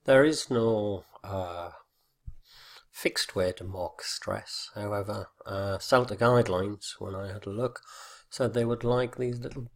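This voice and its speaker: Male teacher trainer, husky and unhurried, instructional video. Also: fairly low pitch. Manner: slow, deliberate explanation with fillers and exaggerated example words.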